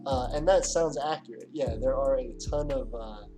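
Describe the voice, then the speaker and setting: A man's voice: mid-range voice, moderate pace, music in the background. Rambling man reading a livestream chat. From Louisiana. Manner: rambling, filler-heavy, reads chat aloud. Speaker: livestream host. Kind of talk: casual chat reading comments.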